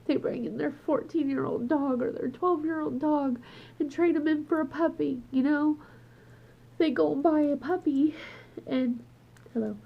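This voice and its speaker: Casting: crying woman vlogger, high husky voice, slow and halting, dull lo-fi home recording. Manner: tearful, upset and heartfelt, trailing off and restarting. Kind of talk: emotional personal vlog. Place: at home with her dog.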